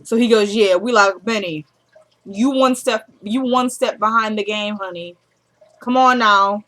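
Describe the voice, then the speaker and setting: Retelling a TV drama episode scene by scene, this show recapper voices the characters' lines herself. She speaks casually, a little slowly, in a medium-pitched voice with a fairly bright tone.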